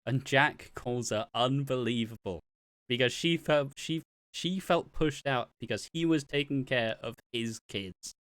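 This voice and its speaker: A man's voice: medium pitch, measured pace, fairly bright tone, clear, resonant tone, dry recording, studio quality. A man co-hosting a podcast, recapping soap episodes in chatty, casual talk and often laughing. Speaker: podcast co-host.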